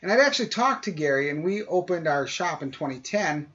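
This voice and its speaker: This podcast co-host talks a little fast in a voice on the high side, animatedly relaying a long, laid-back story and voicing the other people in it. The audio comes across dull and lo-fi.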